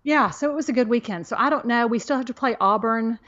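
A woman's voice: fairly high pitch, quick pace, fairly bright tone, dull audio. A middle-aged woman co-hosting a podcast in casual chat, emphatic and fond of repeating herself for effect. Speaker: podcast co-host.

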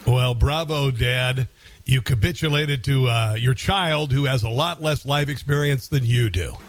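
A man's voice: medium pitch, a little slow, no echo. A man hosting a radio talk show, commenting sarcastically and rambling with fillers.

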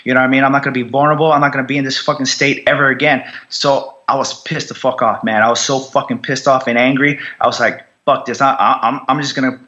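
A man's voice: medium pitch, flat delivery, fast, hardly any pauses, sharp tone, highs cut off. A man who served in war, telling his recovery story bluntly, swearing constantly and repeating himself for emphasis. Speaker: military veteran guest. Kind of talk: candid conversational storytelling.

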